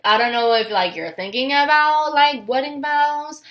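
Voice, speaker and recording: Young woman, casual tarot vlog, crisp bright tone, emotional, giggly, lots of ums. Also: sits high, moderate pace. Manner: emotional, giggly, gushing, many fillers. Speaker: tarot reader.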